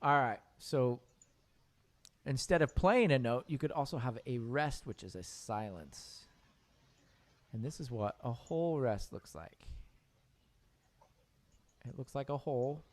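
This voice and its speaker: A man's voice: medium pitch, lively intonation, a little slow, pauses often. Playful male piano teacher. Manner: playful, joking with students. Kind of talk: classroom lesson with students.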